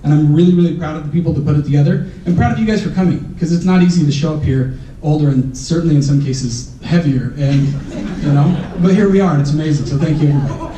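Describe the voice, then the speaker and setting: A man in his thirties giving a heartfelt, self-deprecating speech to his class reunion, halting with fillers, recorded from far off in a hall. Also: fairly high pitch, warm tone, a little hiss or hum. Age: 30s. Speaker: reunion speaker.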